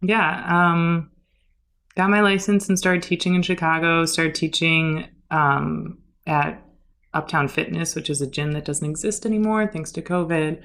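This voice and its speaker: Young woman guest, low voice, rambling anecdote style, lots of "like" and "um". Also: steady tone, unhurried, a bit bright. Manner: chatty, many fillers and "like"s. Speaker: podcast guest, yoga teacher. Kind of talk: casual storytelling.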